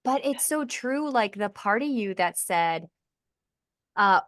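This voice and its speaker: A woman hosting a casual podcast conversation, earnest and animated, laughing lightly between points. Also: mid-range voice, takes it slowly, dry recording, clean studio sound. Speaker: podcast host.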